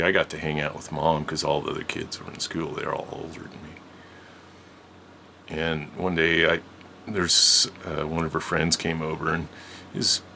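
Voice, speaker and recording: A deep-voiced man with a gravelly, creaky edge, telling a personal story in a loose, rambling way. He often corrects himself mid-sentence. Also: sharp tone, a little hiss or hum.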